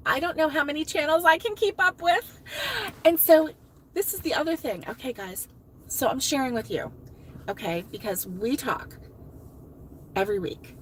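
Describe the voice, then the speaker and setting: A woman's voice: sits high, unhurried, pauses often, slight background noise, poor audio. A middle-aged woman hosting a crochet live stream, chatting casually, laughing often and answering viewers' comments. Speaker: crochet livestream host.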